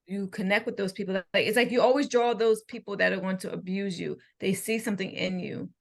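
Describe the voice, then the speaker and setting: A woman's voice: mid-range voice, fairly even intonation, brisk, creaky. A young adult woman co-hosting a podcast in casual chat, teasing and laughing often. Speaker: podcast co-host.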